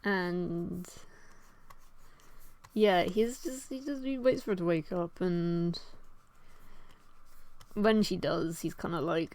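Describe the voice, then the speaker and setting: Young woman, casual drawing chat, rambling, swears a lot, slow pace. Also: fairly low pitch, a little mellow. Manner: rambling, swears often, laughs at herself. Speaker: artist and vlogger.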